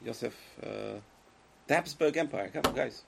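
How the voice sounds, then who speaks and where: Male Torah teacher, gravelly mid-pitched voice, emphatic delivery that swings from loud to hushed, quizzes the room, light room ambience. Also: normal speed, background noise. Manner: emphatic, swings between loud exclamations and quiet asides; questions the listeners directly. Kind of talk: lecture to a live class.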